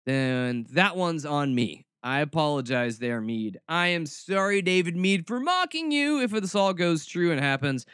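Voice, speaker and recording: A man's voice: fairly high pitch, a bit bright, clean tone, no room sound, clean studio sound. Sarcastic man hosting a snarky podcast. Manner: sarcastic, snarky, mock-dramatic. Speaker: podcast host. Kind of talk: casual commentary podcast.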